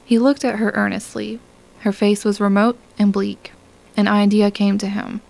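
Gravelly-voiced woman narrating a story. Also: mid-range voice, poor audio. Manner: calm, measured storytelling. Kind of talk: scripted audiobook narration.

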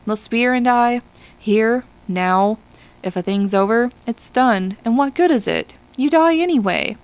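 A woman's voice: on the high side, lively intonation, unhurried, clear, resonant tone, low-quality recording. A woman voicing Hollis, a bitter, envious male spaceman who is dying, with pleading speech that rises to cries. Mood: anguished.

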